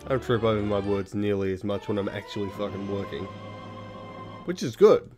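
A man's voice: fairly low pitch, brisk, over music. A young man giving rambling, jokey, sweary commentary while playing a video game. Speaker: let's play host. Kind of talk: casual gameplay commentary.

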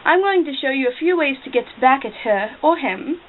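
A woman's voice: sits high, animated, a little fast. A teenage girl hosting a comedy how-to skit in a playful, mocking way, recorded on a lo-fi home camera. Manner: playful, mocking, mimicking her sister. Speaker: video host. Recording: lo-fi home camera audio with loud noise.

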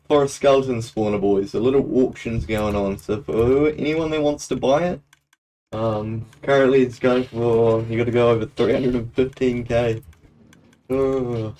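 A man's voice: medium pitch, warm tone. A young man chatting casually while live-streaming a game, laughing often and breaking into playful auctioneer calls. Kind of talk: live gameplay stream commentary.

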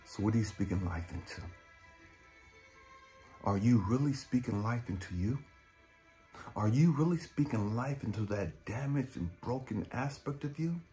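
This is a man delivering a motivational monologue in a blunt, drill-instructor style, swearing heavily. His pitch moves a lot, rising when he pushes and dropping low for quieter lines. Faint music plays behind him. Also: lively intonation, moderate pace, long pauses. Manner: swings between loud urging and low muttering. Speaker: motivational speaker and life coach.

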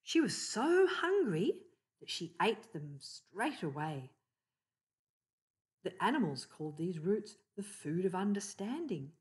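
Older lady reading a kids' picture book out loud, slow, lowish voice, stops to point at pictures. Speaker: storyteller.

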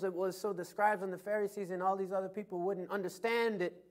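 Male preacher with a high-pitched voice; dynamic sermon delivery, loud peaks and quiet asides. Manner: preaching with swings from loud emphasis to soft asides; tells anecdotes with chuckles. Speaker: pastor.

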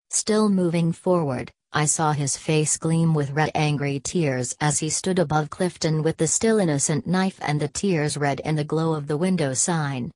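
A woman narrating a novel as an audiobook in a steady, measured storytelling manner. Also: low voice, dry recording. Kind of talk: scripted narration.

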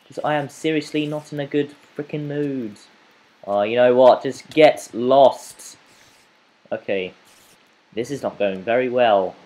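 A young man giving let's play commentary, frustrated, swinging between muttering and yelling at the game. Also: mid-range voice, unhurried. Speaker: gamer.

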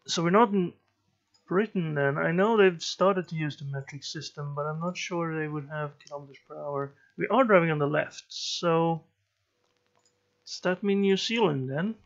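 A man giving slow let's play commentary, musing and thinking aloud as he plays. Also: on the high side, vocal fry, muffled recording. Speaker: gameplay commentator.

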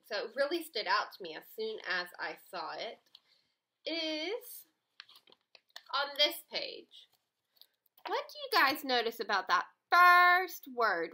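A woman teacher giving a recorded reading lesson to young students, expressive and fond of dramatic gasps. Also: sits high, rough recording.

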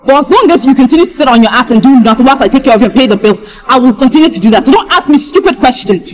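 A woman with a Nigerian accent playing a scornful wife who shouts insults at her jobless husband in public, in a movie. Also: high-pitched, animated, racing. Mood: scolding. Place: outdoors in public.

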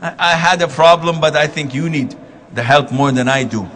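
A male preacher lecturing with a bright, forceful tone and a fairly high voice. He tells stories animatedly, acting out the quoted lines of the people in them. His asides about himself are gently self-deprecating. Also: moderate pace. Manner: animated storytelling with quoted dialogue. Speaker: Islamic preacher. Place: lecture hall.

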